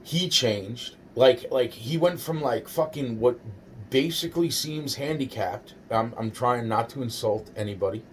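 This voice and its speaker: A man's voice: mid-range voice, recorded from a distance, slight background noise. A man in his forties telling a personal story in a rambling, profane way, often repeating himself.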